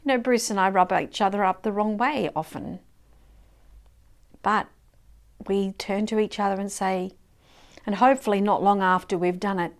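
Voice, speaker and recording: A woman co-leading a ministry, speaking slowly and tenderly in a reflective prayer talk, often dropping to a whisper. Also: mid-range voice. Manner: soft, slow and heartfelt, often sinking to a whisper.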